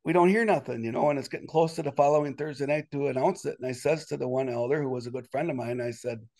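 Indignant rambling man telling his story. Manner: animated, quick jumps in pitch when indignant; rambling with many restarts and "you know". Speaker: interview guest. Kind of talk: casual storytelling testimony.

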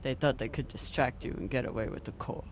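A man's voice: medium pitch, steady tone, fast talker, a little hiss or hum, close to an everyday voice. An actor voicing a dry, sardonic male crew member in a video game.

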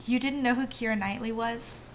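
A young woman streaming a cozy game, chatting casually in a giggly, playful, animated way and thanking her viewers. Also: a little high, fairly quick, noisy background. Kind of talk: casual gameplay chat. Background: faint game music.

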